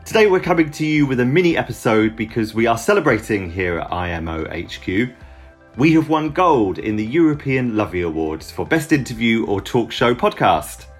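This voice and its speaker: A man's voice: medium pitch, sing-song, normal speed, soft background music. A man opening a podcast episode, reading a cheerful scripted introduction. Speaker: podcast host.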